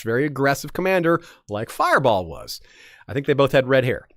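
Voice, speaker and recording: A man's voice: mid-range voice, fairly quick, no room sound, studio quality. A man hosting a history podcast, telling the story in a casual, joking way with frequent restarts. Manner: joking, animated, restarts often.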